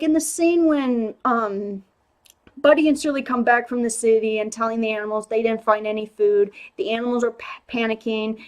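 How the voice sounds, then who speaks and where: A young woman talks through her thoughts on a movie in a relaxed, unscripted way. She sounds chatty and animated, often restarting her sentences and leaning on "like." Her voice sits a little on the high side. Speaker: movie reviewer. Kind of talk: casual spoken review.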